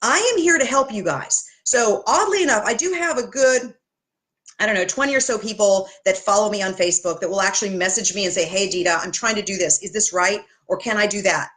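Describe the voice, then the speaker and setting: A woman's voice: fairly high pitch, fairly bright tone. A woman fitness coach gives health advice straight to camera. She is direct and pushes hard with tough love, and she drifts into chatty asides and corrects herself mid-sentence. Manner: blunt, pushy motivational talk with tough love.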